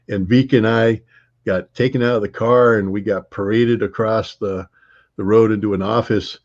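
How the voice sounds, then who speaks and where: A man telling travel anecdotes in an interview, rambling with many fillers, restarts and laughs, his voice husky. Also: lowish voice, steady tone, normal speed, a little mellow. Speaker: interview guest. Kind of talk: conversational storytelling. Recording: dull lo-fi audio.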